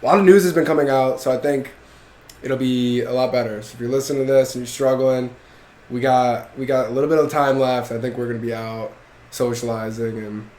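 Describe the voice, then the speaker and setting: A man's voice: medium pitch, fairly even intonation, brisk, a little mellow. A young man hosting a podcast in loose, casual chat, swearing freely and filling his talk with "like". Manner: loose, swears casually, laughs, many "like" fillers. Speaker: podcast host. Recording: echoey room.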